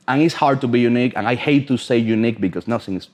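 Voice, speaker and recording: A man's voice: mid-range voice, rapid-fire, darkish tone. A man speaking English with a non-native accent, chatting bluntly as a podcast guest with plenty of swearing. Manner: blunt, profane, emphatic storytelling. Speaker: podcast guest, brand ambassador. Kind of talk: casual podcast chat.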